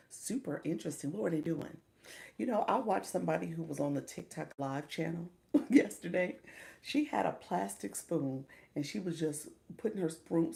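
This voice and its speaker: Chatty woman with a low, gravelly voice. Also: darkish tone. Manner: greets viewers by name, chatty and laughing. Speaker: livestream coach. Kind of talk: casual live stream chat.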